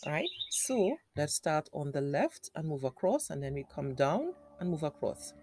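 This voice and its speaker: A woman's voice: sits low, sing-song, normal speed, a little mellow, a little hiss or hum. A woman teaching phonics to young children, patiently repeating sounds and words and asking the child questions.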